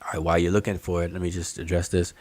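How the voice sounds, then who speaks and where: A man's voice: low voice, flat delivery, rapid-fire, darkish tone, no room sound. A man hosting an online study group hangout, explaining patiently and thinking aloud over a video call. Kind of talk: casual online hangout discussion.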